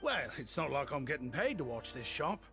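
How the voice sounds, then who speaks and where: An actor with an English accent playing an eager, humble young shopkeeper with flowery, overly polite speech. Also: male voice, medium pitch, very animated, fairly quick, creaky. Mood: friendly. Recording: game audio with faint music behind.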